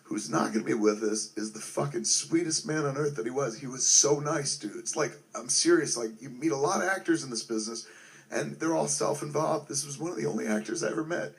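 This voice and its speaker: A man's voice: mid-range voice, fairly quick, gravelly. Profane, rambling middle-aged man. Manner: profane, rambling, heartfelt, heavy on fillers like "like" and "man". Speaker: filmmaker remembering a friend. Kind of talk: casual spoken tribute.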